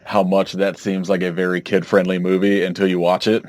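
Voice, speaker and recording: A man's voice: sits low, little pitch movement, a little fast, a little mellow, no room sound. A man co-hosting a podcast in casual chat, rambling and hesitant as he recalls things. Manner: rambling, hesitant, full of "like" fillers. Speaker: podcast co-host.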